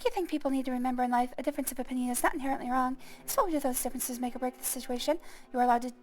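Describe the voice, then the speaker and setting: High-voiced woman rambling through a game. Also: fairly even intonation, racing, darkish tone, soft background music. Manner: rambling and playful, with crude jokes. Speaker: gaming streamer. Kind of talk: casual let's-play commentary.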